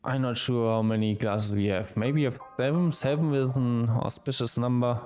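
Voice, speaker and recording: A man streaming a visual novel, reading the game's dialogue aloud with quick asides of his own. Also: medium pitch, fairly even intonation, a little mellow, clean tone.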